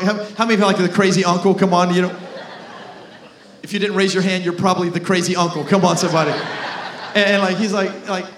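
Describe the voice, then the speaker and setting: Energetic, high-voiced male pastor preaching. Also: brisk, long pauses, echoey room, slight background noise. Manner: energetic, joking, shouts for emphasis. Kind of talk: sermon. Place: church hall.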